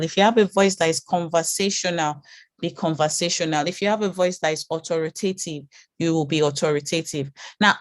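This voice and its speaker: A woman with a low voice leads a branding class, firing off repeated questions and encouraging her students. The sound is dry and close, with no room around it. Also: dry recording. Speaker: branding course instructor. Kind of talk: live online class teaching.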